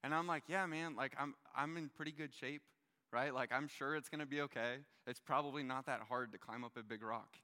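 A young man in his twenties telling a story in a casual, animated way during a sermon to a young adult crowd. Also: medium pitch, a little fast. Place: large hall with a stage. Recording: long hall reverb.

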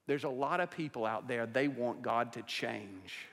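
A male pastor preaching a sermon to a congregation, swinging between loud declarations and hushed, intense asides. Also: mid-range voice, measured pace. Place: church sanctuary with a congregation. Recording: long hall reverb.

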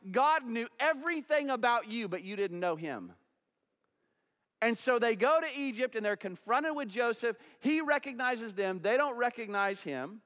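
A man with a high voice preaches to his congregation, asking questions and playing both sides of the exchanges he tells. His words ring out with a long reverb from the church sanctuary. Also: a bit bright. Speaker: pastor. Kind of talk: sermon.

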